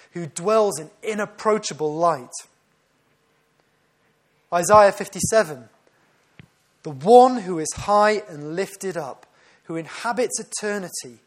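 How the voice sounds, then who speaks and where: A man preaching a sermon, earnest and often correcting himself. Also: on the high side. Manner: earnest, with frequent self-corrections.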